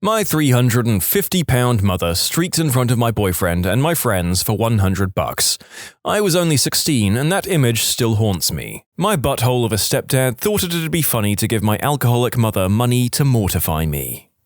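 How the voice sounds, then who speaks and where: A man narrates online stories aloud in a playful, animated way, his pitch swinging widely through each sentence and voicing the quotes. He speaks at a moderate pace, and the recording is close and dry with no room sound.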